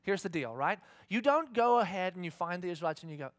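A male pastor preaching a sermon, telling a story in an animated way and asking the congregation questions. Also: sits high, quick pace, few pauses, dry recording.

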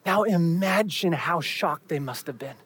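A preacher delivering a sermon, building up with emphasis and then dropping to hushed, quiet endings. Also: medium pitch, expressive, measured pace, slightly rough.

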